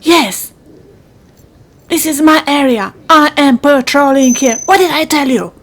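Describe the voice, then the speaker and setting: A woman doing a bossy park bird yelling off intruders. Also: sits high, lively intonation, a little slow. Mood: scolding. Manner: shouty, scolding. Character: bossy territorial bird guarding its patch.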